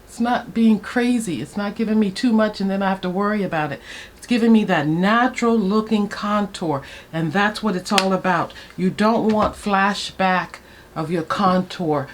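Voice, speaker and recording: A woman in her sixties chatting to viewers while doing her makeup, excitable and gushing about her products. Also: medium pitch, moderate pace, slight background noise. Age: 60s. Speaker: beauty vlogger. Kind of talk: get-ready-with-me makeup chat.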